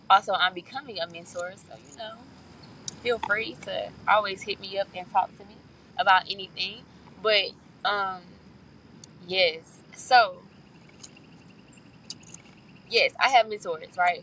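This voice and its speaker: A woman talks earnestly and from the heart in a personal faith vlog, often pausing to ask her listeners if they follow. Her voice is bright and clear. She sits a little away from the microphone, with faint outdoor noise behind her. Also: lowish voice, far from the mic, low-quality recording. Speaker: faith vlogger. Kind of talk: candid personal vlog monologue.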